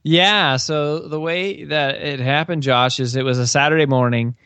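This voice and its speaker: A man's voice: on the high side, normal speed, a bit bright, clear, resonant tone, no echo. A man being interviewed as an author and business coach, telling stories earnestly with plenty of fillers and restarts. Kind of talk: conversational interview answer.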